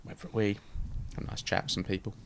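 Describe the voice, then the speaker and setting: A man's voice: fairly low pitch, level tone, fast talker, creaky, a little hiss or hum. A man chatting casually on a podcast, chiming in and telling his own short stories. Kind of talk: casual chat.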